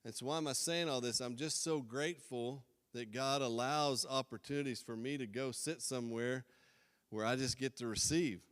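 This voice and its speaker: Earnest middle-aged preacher, resonant voice. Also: male voice, medium pitch, moderate pace, a bit bright, big-room sound. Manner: earnest, rambling, self-deprecating. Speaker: pastor. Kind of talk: sermon. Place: church sanctuary.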